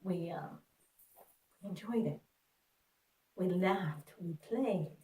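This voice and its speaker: A woman telling a personal story in an earnest, reflective way, with pauses. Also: fairly low pitch, dark tone. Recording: roomy, distant mic.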